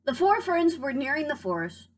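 Woman teacher, storybook read-aloud, expressive and fairly high. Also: normal speed. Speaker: preschool teacher. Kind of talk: reading a picture book aloud.

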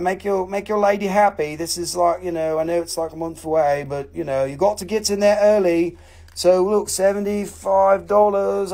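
A man's voice: sits high, darkish tone. A man hosting a live stream and selling rocks and crystals, with a playful, rambling, joking sales patter that repeats itself.

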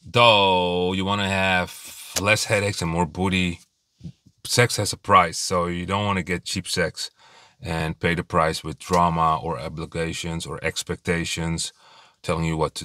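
A man's voice: deep voice, sharp tone, no room sound. A man giving dating advice in a blunt, rambling casual monologue, swearing freely and acting out little bits of dialogue.

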